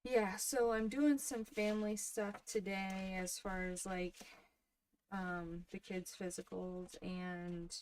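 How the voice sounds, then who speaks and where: A woman in her thirties hosting a crafting livestream, chatting softly and casually with her viewers while she works. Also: mid-range voice, steady tone, slow, slight background noise. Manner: soft-spoken, chatty, talks to viewers in the chat.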